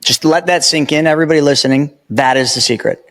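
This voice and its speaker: A man appearing as a podcast guest, telling animated stories and making emphatic points in casual conversation. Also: mid-range voice, fast. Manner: animated storyteller, emphatic and preachy.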